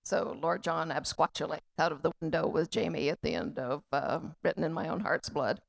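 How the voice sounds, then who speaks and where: A woman's voice: sits low, brisk, vocal fry. A woman author on a convention panel, explaining things in a dry way. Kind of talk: casual panel talk.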